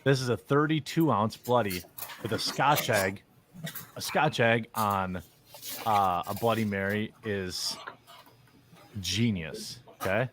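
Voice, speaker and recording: A man's voice: lowish voice, slow pace, long pauses, background noise. A man giving casual commentary as a streamer, blunt and opinionated in a mock-serious way.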